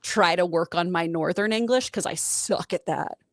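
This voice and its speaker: A woman's voice: lowish voice, moderate pace, no room sound, clean studio sound. Articulate woman explaining things on a talk show. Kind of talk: casual chat.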